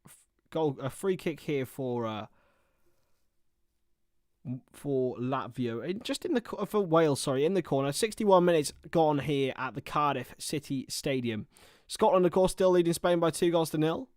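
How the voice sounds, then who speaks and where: A man with a slightly high voice calls a football match live for a streaming audience. He moves between quick play-by-play and chatty, self-mocking asides. The sound is dry and close, with no room echo. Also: lively intonation, a little mellow. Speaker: livestream football commentator. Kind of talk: casual live match commentary.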